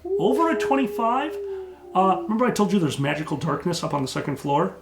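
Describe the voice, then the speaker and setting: Echoey game master, slightly high voice. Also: male voice, creaky, very noisy. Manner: slows down for vivid descriptive narration. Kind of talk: narrating a tabletop game.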